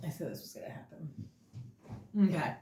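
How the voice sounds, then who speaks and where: A woman with a lowish voice giving a casual tarot reading. She talks bluntly and swears freely as she rambles from point to point. The room around her is echoey. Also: lively intonation, normal speed, dark tone. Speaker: tarot reader.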